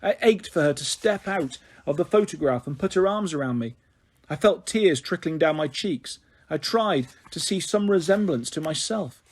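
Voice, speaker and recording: A man reading a children's novel aloud in an expressive storytelling manner. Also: fairly high pitch, moderate pace, breathy edge. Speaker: story reader.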